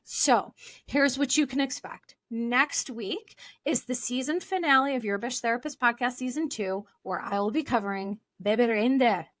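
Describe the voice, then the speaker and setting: Chatty higher-pitched woman podcast host. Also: bright, forceful tone, no room sound. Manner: casual, chatty, explanatory with fillers. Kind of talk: solo podcast talk.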